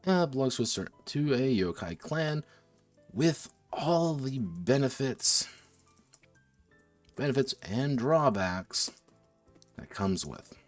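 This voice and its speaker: A man's voice: mid-range voice, animated, slow, long pauses, soft background music. A man streaming while designing a tabletop game, thinking aloud with restarts and self-corrections, a little slurred from drinking. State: tipsy from drinking.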